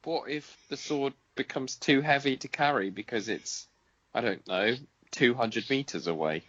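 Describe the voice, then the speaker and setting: A man co-hosting a casual podcast chat, laid-back and deadpan. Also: mid-range voice, moderate pace, muffled recording. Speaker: podcast co-host.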